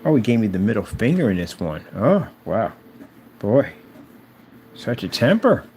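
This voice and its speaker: This man's lowish, slightly mellow voice moves a little slowly but swings widely in pitch, with a bit of background noise present. He delivers a taunting, combative tirade toward someone absent, circling back to the same jabs repeatedly.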